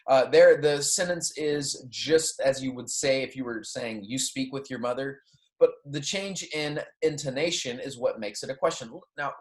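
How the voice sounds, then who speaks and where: Patient male teacher, lecture delivery, models example sentences with clear rising and falling tones. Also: medium pitch. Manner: patient, explanatory, frequent "okay?" and "right?" check-ins; models Spanish example sentences with exaggerated intonation. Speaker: Spanish teacher. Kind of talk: recorded classroom lecture.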